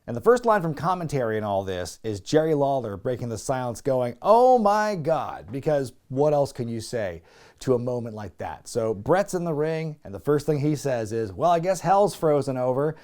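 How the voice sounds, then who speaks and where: A man hosting a podcast, recapping an event in a casual, animated way and acting out the quotes. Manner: animated, acts out quotes with rising pitch. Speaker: podcast host.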